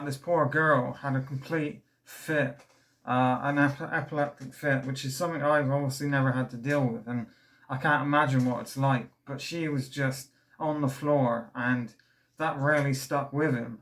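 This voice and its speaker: A man's voice: medium pitch, steady tone, normal speed, a bit bright. Young male record reviewer, casual and rambling, eager, slightly breathless. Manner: rambling and enthusiastic, many fillers and restarts. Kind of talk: casual album review vlog.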